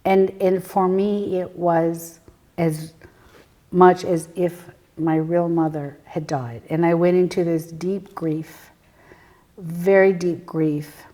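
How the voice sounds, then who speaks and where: Low, mellow-voiced woman recounting memories. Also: fairly even intonation. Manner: earnest and reflective, dropping to a near whisper at intense moments; halting, with frequent fillers and restarts. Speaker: guest, spiritual medium. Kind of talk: personal storytelling in an interview.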